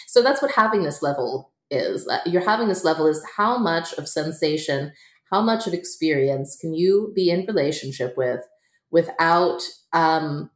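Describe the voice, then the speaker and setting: A woman author talking as a guest in a relaxed interview, chatty and quick to laugh, full of fillers. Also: low-pitched. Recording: echoey room.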